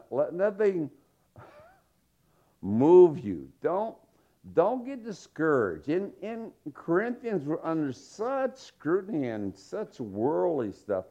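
A man's voice: fairly high pitch, big pitch swings, slow, warm tone. A man preaching a sermon in a folksy, joking storytelling manner. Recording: dull lo-fi sermon recording.

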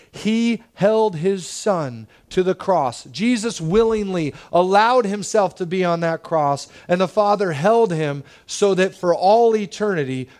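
A man, a pastor in his thirties, preaching a sermon and telling a personal story with intense emotion, moving between hushed and loud passages. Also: high voice.

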